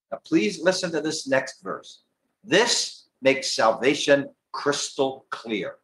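A man preaching a gospel sermon in a tent meeting, reading scripture aloud with emphatic, lively delivery. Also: medium pitch, slow, poor audio.

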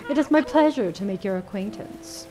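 A woman's voice: medium pitch, lively intonation, moderate pace, over music, natural voice. A woman voicing a flowery, bookish male wordsmith in a cozy game, with grand, formal wording. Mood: grandiose.

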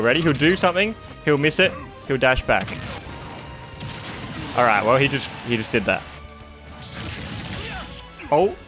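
An excitable young man calls out a match as he plays it, laughing often and bursting into shouts. His voice sits high and swings widely in pitch. A faint music track plays behind him. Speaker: gaming YouTuber. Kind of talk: live gameplay commentary.

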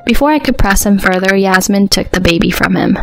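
A woman narrating a first-person story in an even, steady voice. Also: mid-range voice, a little fast, creaky, soft background music.

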